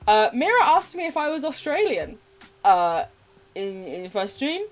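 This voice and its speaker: A woman's voice: high-pitched, big pitch swings, moderate pace. A woman from England with a posh English accent, chatting casually while playing a game on stream, giggly and sweary. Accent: posh southern English. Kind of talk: casual live-stream chat while gaming.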